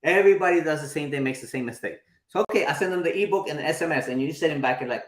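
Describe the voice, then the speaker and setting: A man's voice: on the high side, rapid-fire. Chatty man teaching in an echoey room. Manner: chatty, checks in with the room often. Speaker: marketing instructor. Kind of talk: live teaching workshop.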